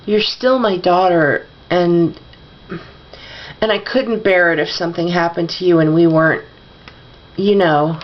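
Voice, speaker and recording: A woman voicing a fretful mother in a storybook reading, talking quickly with worry. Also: on the low side, fairly even intonation, highs cut off, natural voice. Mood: fretting. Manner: rapid worried talk. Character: fretful mother fussing over her injured daughter.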